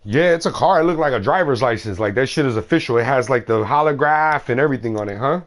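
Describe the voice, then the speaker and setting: A man's voice: mid-range voice, fast talker. A man streaming a game, chatting casually in a slangy, rambling way and swearing freely. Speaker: gaming streamer.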